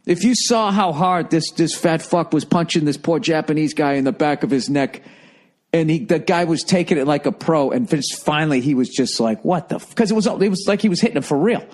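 A man telling a story in a loud, animated way, swearing constantly and laughing as he goes. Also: a little high, a little fast. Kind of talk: profane storytelling.

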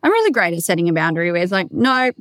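An Australian woman hosting a casual solo podcast, loud and animated, swearing freely as she tells stories and coaches. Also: fairly low pitch, very fast, no room sound, studio quality.

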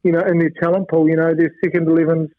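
Fast-talking man on a tinny phone line. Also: on the high side, dry recording. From New Zealand. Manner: relaxed, rambling with many fillers. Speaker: guest, former fast bowler now coaching. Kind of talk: casual phone interview. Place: home in Queensland, by phone.

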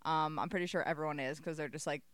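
A woman co-hosting a casual podcast, rambling and animated as she recaps a show. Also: deep voice, quick pace, dry recording. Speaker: podcast co-host. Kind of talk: casual chat.

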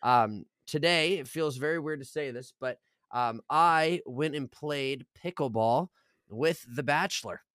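A young man co-hosting a podcast, telling stories in a casual chat, animated and laughing, swearing and acting out quotes. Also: a little high, measured pace, clean tone, dry recording, studio quality. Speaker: podcast co-host.

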